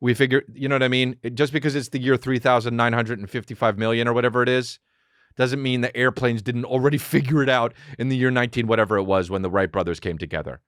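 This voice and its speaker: Excitable, profane male podcast host. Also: mid-range voice, dry recording, studio quality. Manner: excitable, profane, riffing with quick acted asides. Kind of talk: comedic rambling monologue.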